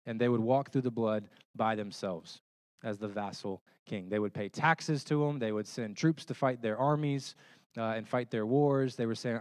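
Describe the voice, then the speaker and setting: A man preaching a sermon in a relaxed, conversational way, his voice sitting at an ordinary middle pitch. He livens up his teaching with homey stories and often checks in with the room through rhetorical questions. The recording is dry, with almost no room sound. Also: normal speed, dry recording. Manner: animated storytelling with homey illustrations. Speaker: pastor.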